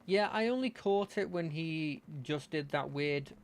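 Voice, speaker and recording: A man's voice: on the high side, lively intonation, a little slow, slight background noise. A man giving casual, rambling commentary while playing a video game, with wry asides. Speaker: let's play host. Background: game music.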